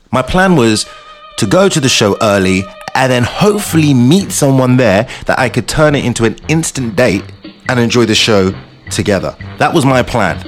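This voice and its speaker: A man hosting his show, telling playful comic stories in a casual monologue. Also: mid-range voice. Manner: animated, playful storytelling. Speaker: show host.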